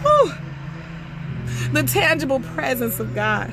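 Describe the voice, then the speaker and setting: A woman preaching a fervent sermon, repeating praise phrases and rising to shouts. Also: sits high, expressive, moderate pace, over music. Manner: rhythmic repetition, rising to shouts. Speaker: prophetess preaching.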